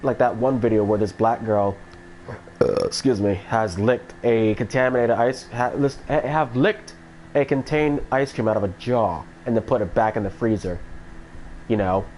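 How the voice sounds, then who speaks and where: A man's voice: medium pitch, moderate pace, darkish tone, slight background noise, poor audio. A man chatting casually on a live stream, rambling with many restarts and frequent swearing.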